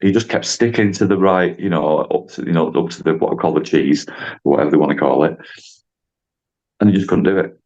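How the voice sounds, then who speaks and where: A man's voice: low voice, fairly quick, a little mellow, dull audio. A man, a driving instructor, telling a story in a chatty, rambling way on a podcast and acting out the dialogue.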